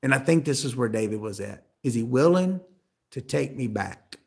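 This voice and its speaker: A man preaching a sermon, asking the listeners rhetorical questions and swinging from emphatic, raised passages to quiet, low asides. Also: lively intonation, moderate pace, vocal fry, husky. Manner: rhetorical questions, rising to emphatic peaks then dropping quiet.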